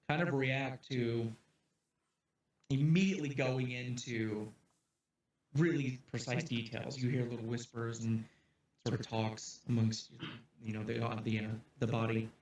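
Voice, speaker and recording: A man's voice: mid-range voice, a little mellow. Man running a tabletop game. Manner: casual narration with fillers. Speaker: game master. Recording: distant roomy mic with faint ambience.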